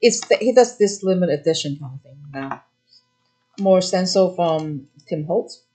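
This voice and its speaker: A middle-aged woman runs a live craft demo, chatting quickly about the products in front of her. She talks in fast, eager bursts, trailing into fillers and restarts as she explains how each item works. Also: on the low side, animated, warm tone. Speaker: craft shop host.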